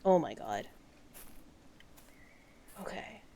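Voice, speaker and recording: Excitable, rambling woman streamer. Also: sits low, very slow, vocal fry, slight background noise. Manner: rambling and excitable, swears freely. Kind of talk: casual gameplay commentary.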